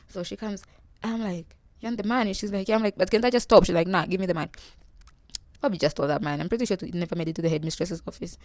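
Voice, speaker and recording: A woman's voice: on the low side, no echo. A young woman from Tanzania telling a humorous story about her life, acting out the voices of the people in it. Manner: animated, acts out quoted voices. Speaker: vlogger.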